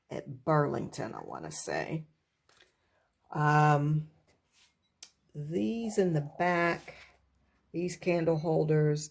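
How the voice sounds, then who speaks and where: Her voice sits low, gravelly and slightly mellow. She's at home by a kitchen cart giving a relaxed show-and-tell of her decor, talking in a chatty way peppered with fillers and hesitant side comments, all captured on a handheld camera held close.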